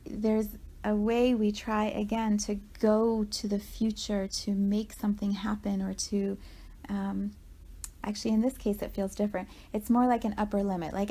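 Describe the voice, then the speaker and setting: A woman guiding a walking meditation, talking gently and conversationally with frequent asides to the listener. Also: medium pitch, fairly even intonation, moderate pace. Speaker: meditation guide.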